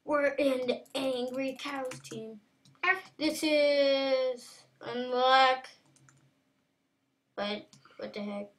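A woman giving casual, playful game commentary, excitable and taunting. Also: high-pitched, extremely slow, pauses often, distant mic. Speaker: gameplay commentator.

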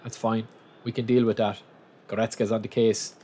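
A man's voice: lowish voice, flat delivery, fairly quick, warm tone. A young man giving casual, chatty commentary on a football video game, often calling his viewers lads. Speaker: gaming channel host.

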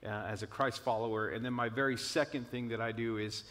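Male pastor and parent, mid-pitched, filler-heavy speech, recorded in a reverberant room. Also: fairly even intonation, fairly quick. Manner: warm-hearted, many fillers like "you know". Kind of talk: church video conversation.

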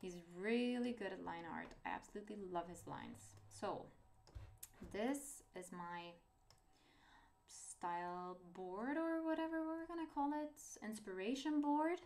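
A woman's voice: fairly high pitch, very animated, normal speed, vocal fry, darkish tone, slight background noise. A young woman from Norway with a Norwegian accent, chatting casually and hesitantly about her art in a vlog, self-deprecating and rambling. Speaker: artist vlogger.

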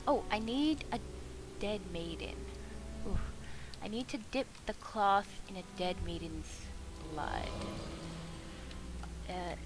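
A woman streaming a video game, chatting and joking excitedly with her viewers. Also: mid-range voice, very noisy. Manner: excitable, jokey, chatty with chat. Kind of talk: casual gameplay commentary.

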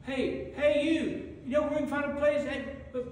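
A man's voice: very high-pitched, fairly even intonation, a little slow, darkish tone, voice pushed up. A man voicing Joseph as a frantic young husband, stammering and pleading as he leads a donkey through a crowd. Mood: hurried, pleading. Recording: echoey hall from far off.

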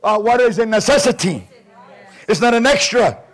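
A man preaching a Pentecostal sermon in a church as a guest preacher, fervent and often shouting, with call-and-response. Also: sits high, expressive, a little fast. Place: church sanctuary.

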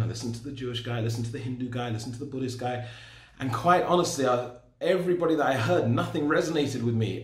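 A man in his forties giving a personal testimony in a storytelling, self-deprecating way. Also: on the high side. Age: 40s. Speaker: speaker sharing his story. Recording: roomy echo.

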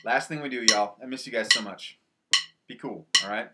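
A man's voice: medium pitch, normal speed. A man teaching a band lesson from home, explaining the music in an upbeat way and counting aloud to the players. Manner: upbeat, counting aloud and calling out over drums. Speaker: school band director.

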